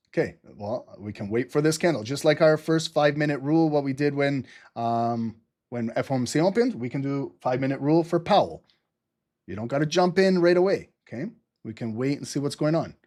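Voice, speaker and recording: A man hosting a live trading stream, talking fast and excitedly, laughing often and swearing casually. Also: a little high. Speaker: livestream trading host.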